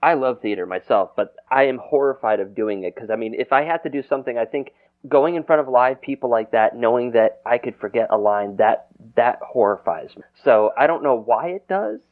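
A man hosting a casual radio interview, halting and repeating words, laughing easily. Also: mid-range voice, lively intonation. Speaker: radio show host. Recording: tinny dry phone-band audio.

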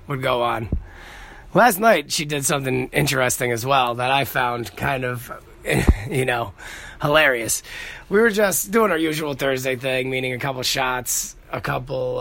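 A man's voice: medium pitch, unhurried, creaky, a bit bright. A man, hosting a casual podcast monologue and telling rambling, profane stories. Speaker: podcast host.

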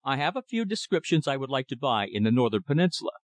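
A man reading the part of a self-important rich lumberman who speaks with slow deliberation and a commanding edge. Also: medium pitch, sing-song, dry recording, lightly acted. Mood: pompous. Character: blustering pompous rich male lumberman.

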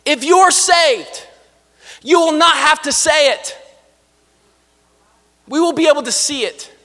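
A man's voice: extremely high pitch, slow, bright, forceful tone. A man pastor preaching a sermon in a church, talking to the congregation with casual asides. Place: church sanctuary. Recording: long hall reverb.

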